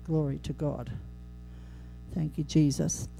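A woman preaching a sermon, animated and humorous, acting out scripture quotes with sudden jumps in voice. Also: deep voice, takes it slowly, gravelly, soft background music.

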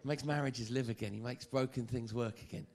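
A man preaching a sermon, lively and joking, often stammering and repeating phrases. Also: mid-range voice, brisk.

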